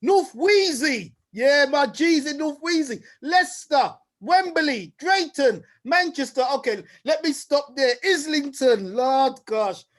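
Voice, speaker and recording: A man hosts an online talk in a lively, playful way, reeling off shout-outs in quick lists. His voice sits notably high for a man. He comes across over a video call. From United Kingdom. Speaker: host. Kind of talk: lively online event hosting.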